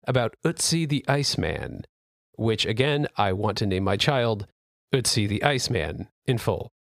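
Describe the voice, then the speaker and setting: A man's voice: medium pitch, dry recording, studio quality. A man hosting a casual podcast, joking, self-mocking and swearing freely. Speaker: podcast host.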